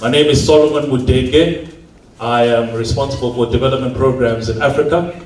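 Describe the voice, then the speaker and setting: A man from Zimbabwe, a football development official, giving a formal address in a measured way with some hesitations. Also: medium pitch, fairly even intonation, a little mellow. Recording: echoey hall, distant mic, faint hum.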